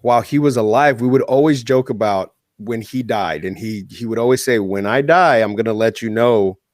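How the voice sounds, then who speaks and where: A man's voice: medium pitch, normal speed, no echo, clean studio sound. A man co-hosting a podcast, telling a personal story in casual chat with plenty of swearing. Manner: swears a lot in heartfelt storytelling. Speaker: podcast co-host.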